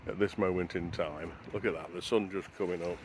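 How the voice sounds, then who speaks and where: At sunrise, a travel vlogger walks the beach with a handheld camera, casually narrating and wondering aloud. He speaks in a low, steady voice at a fairly quick pace, against a noisy background.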